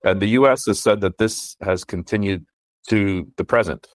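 A man's voice: on the low side, moderate pace. A man interviewed as a security expert, explaining things thoughtfully.

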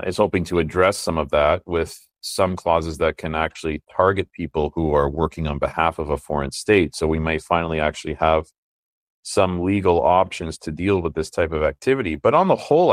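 Deep-voiced man explaining security matters. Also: dry recording. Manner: thoughtful, explaining with restarts. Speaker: security expert interviewee. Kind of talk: explanatory interview.

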